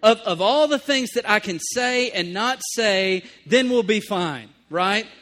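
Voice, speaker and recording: A woman's voice: medium pitch, lively intonation, unhurried, fairly bright tone. A man preacher putting on the voice of his wife, who sounds exasperated as she asks him for a list.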